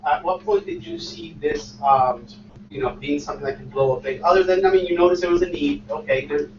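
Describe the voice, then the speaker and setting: A man in the audience asks a halting question and searches for his words as he goes. His fairly high voice comes from far across an echoey room. The sound is dull and muffled, with clear background noise. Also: sing-song. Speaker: audience member asking a question. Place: lecture room.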